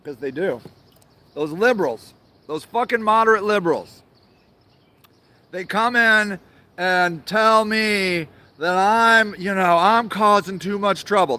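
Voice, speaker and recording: A man's voice: sits high, fairly bright tone. A man hosting his own show from an outdoor garden, ranting angrily and sarcastically, swearing a lot and repeating himself. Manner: angry, profane, sarcastic, repetitive. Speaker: show host. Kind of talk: profane outdoor rant.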